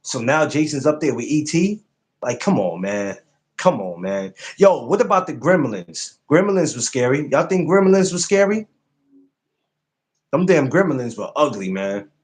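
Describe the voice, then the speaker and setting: Animated casual man hosting a live stream. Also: a little slow. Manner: animated, swearing, jumps to high exclaims when mocking. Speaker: podcast host on a live stream.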